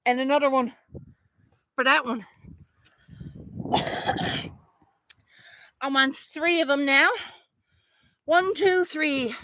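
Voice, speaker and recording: A woman vlogging casually outdoors in her garden, rambling excitedly and swearing freely. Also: high voice. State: a little out of breath.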